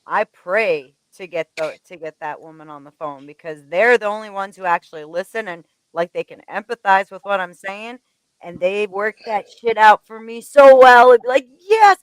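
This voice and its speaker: A woman's voice: mid-range voice, measured pace, clean tone, dry recording. A woman hosting a casual panel chat, talking in a chatty, emphatic way. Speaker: show host.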